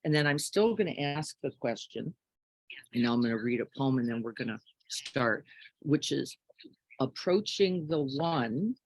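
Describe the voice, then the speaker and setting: A middle-aged woman giving a reflective spiritual teaching in a gentle, unhurried way, often closing her points with soft tag questions. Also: a bass voice, lively intonation, breathy edge, no echo, low-quality recording.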